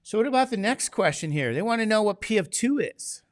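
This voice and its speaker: A man's voice: sits high, lively intonation, fairly quick, no room sound, clean studio sound. A man teaching a classroom lecture, chatty and digressive, asking the class questions as he goes.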